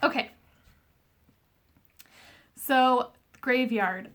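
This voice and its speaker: A woman's voice: a little high, slow, long pauses, fairly bright tone. A young woman reviewing an oracle card deck, reading from its booklet and chatting earnestly with many fillers, coughing as she gets over being sick. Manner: chatty and earnest, many "um"s, says sorry often. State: recovering from illness, coughing. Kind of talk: casual deck review with read-aloud passages.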